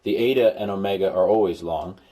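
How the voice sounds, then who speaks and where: A man's voice: low voice, a little fast, warm tone. A man recording a language lesson as a tutor, explaining patiently and dropping playful, jokey asides to his students. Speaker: Greek tutor.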